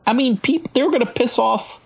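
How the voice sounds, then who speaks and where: Excitable husky-voiced woman, lots of restarts. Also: on the high side, normal speed, muffled recording. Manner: excitable, stammering restarts, swears. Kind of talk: casual political chat.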